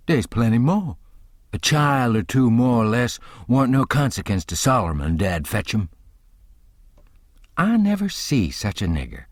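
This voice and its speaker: A man doing a stubborn, slow-arguing rural man. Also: lowish voice, dry recording, clean studio sound. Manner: slow, insistent arguing in thick folksy dialect. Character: stubborn, earnest grown man in rural dialect. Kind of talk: audiobook character voice.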